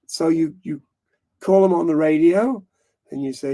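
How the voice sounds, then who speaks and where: A man's voice: fairly high pitch, measured pace, dark tone. A man hosting a live stream, chatting casually in a rambling way, often correcting himself and laughing. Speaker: livestream host.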